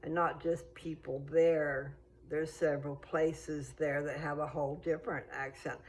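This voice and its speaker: A woman's voice: deep voice, level tone, a little slow, a little mellow, rough recording. An American woman chatting casually in a meandering, think-aloud way while out walking. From United States. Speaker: vlogger. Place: outdoors on a walk.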